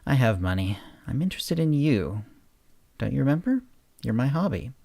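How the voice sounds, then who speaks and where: A man reading a story aloud, voicing a calm, confident man who taunts a prisoner. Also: mid-range voice, moderate pace, vocal fry, dry recording, voice pushed up. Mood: calm menacing.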